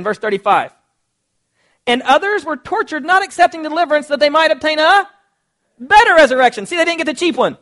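A man preaching a sermon, reading scripture aloud and acting out quotes in a lively, conversational way. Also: very high voice. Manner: animated, conversational, acts out quotes.

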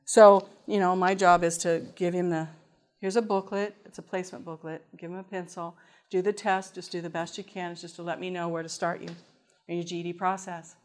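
Woman telling a lively faith testimony. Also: fairly low pitch, a little fast. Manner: lively storyteller who acts out voices and laughs. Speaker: former GED lab teacher giving testimony. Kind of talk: spoken testimony to an audience.

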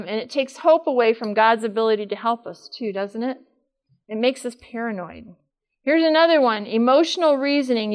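A woman's voice: fairly high pitch, clear, resonant tone. An older woman giving a live talk to an audience in a room, chatty and asking them questions. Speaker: speaker at a workshop.

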